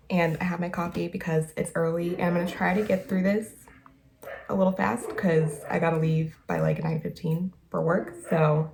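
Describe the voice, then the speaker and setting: Excitable young woman with a gravelly voice. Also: on the low side, normal speed. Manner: excitable, gushing, talks to viewers. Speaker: reaction video creator. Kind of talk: casual reaction vlog.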